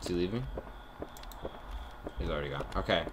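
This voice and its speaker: A man's voice: deep voice, brisk, heavy background noise. A young man giving jokey commentary on a horror game, talking straight to his viewers. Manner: chatty, jokey, talks to viewers. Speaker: gaming YouTuber. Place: dark room at home. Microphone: desk mic, face cam.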